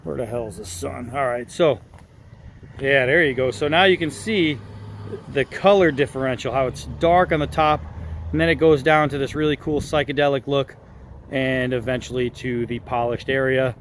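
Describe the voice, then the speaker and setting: A man from Massachusetts, a knifemaker, casually showing off and explaining a knife he made, with relaxed chatter and frequent fillers. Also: medium pitch, moderate pace, slight background noise. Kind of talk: casual show-and-tell vlog.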